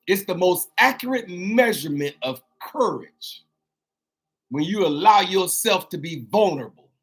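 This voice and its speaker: Brief: male motivational host, high voice, preachy, repeats himself, call-and-response asides. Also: fairly bright tone. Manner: drawn-out exclamations.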